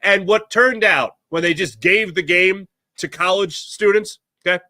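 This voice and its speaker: A man hosting a solo sports talk show, ranting in an animated way and putting on voices for the people he quotes. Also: high voice, unhurried, no echo, studio quality. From Philadelphia area.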